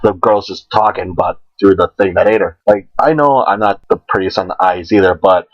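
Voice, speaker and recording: A man's voice: low voice, a little fast, no echo, muffled recording. A young man co-hosting a casual podcast, rambling through crude, joking stories. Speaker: podcast co-host. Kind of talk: casual chat.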